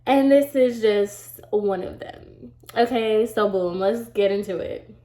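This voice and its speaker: A woman's voice: medium pitch, slow pace, mellow. Young woman vlogger, stuffy from a cold, rambling storytime chat, roomy home echo. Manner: chatty, rambling, lots of "like" and "y'all". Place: home room.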